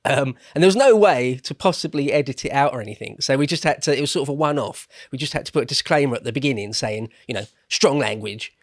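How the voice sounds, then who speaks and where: A man's voice: medium pitch, quick pace, few pauses, no room sound. Interviewer, male, London-Essex accent, chatty and easygoing, dry close sound. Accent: London and Essex English. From England. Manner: chatty, laughs easily, trailing asides. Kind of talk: casual interview chat.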